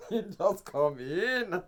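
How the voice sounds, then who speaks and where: A vlogger from England with a British Jamaican patois accent, telling a storytime tale in an animated way and acting out the voices of the people in it. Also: medium pitch. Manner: animated storytelling, acts out voices, laughs often. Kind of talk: storytime vlog.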